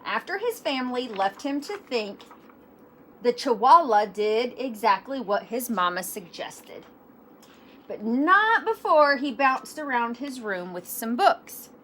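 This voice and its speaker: A woman reading a children's picture book aloud, animated, with self-deprecating asides. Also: a little high, slow pace, slight background noise. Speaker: storybook reader.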